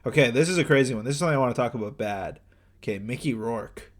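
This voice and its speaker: A young man co-hosting a loose podcast, swearing freely and joking as he tells a story. His pitch sits mid-range for a man, and the talk is relaxed and unscripted. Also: fast talker. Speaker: podcast co-host. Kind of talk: casual banter.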